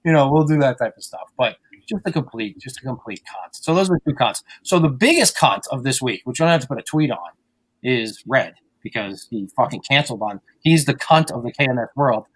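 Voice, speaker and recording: A man's voice: medium pitch, animated, brisk, a bit bright, slightly rough. A man hosting a podcast, ranting and rambling in crude casual chat. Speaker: podcast host.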